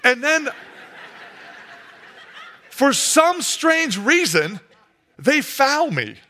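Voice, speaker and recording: A man preaching a sermon, telling a comic story as an animated storyteller who drops to a hush for effect. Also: extremely high pitch, drawn-out words.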